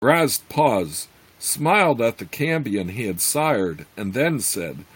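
A man reading a fantasy story aloud, slowly, with some slips and fillers. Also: medium pitch, big pitch swings, slightly rough, poor audio. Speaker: reader.

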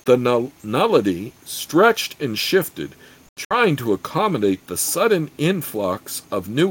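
A man's voice: mid-range voice, husky, poor audio. A man narrating a fantasy audiobook expressively, with occasional self-corrections.

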